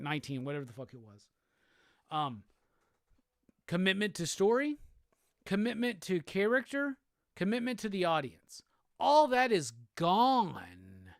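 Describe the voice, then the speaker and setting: An angry man hosting his own live show, cursing constantly and hammering the same lines over and over. His pitch leaps and drops with feeling. The sound is dry and close, with no room around it. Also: dry recording. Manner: profane, repetitive, heated. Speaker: host. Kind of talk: angry solo commentary rant.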